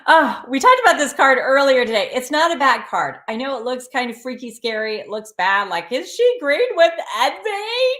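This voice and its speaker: A woman's voice: a little high, brisk, few pauses, a bit bright, roomy sound. A woman hosting a live card reading, chatting and encouraging viewers by name. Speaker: tarot reader and live stream host.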